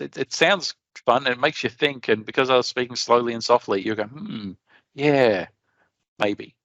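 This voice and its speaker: An Australian man giving a conference talk in a chatty, animated way, often restarting his sentences. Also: medium pitch, no room sound. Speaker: conference presenter.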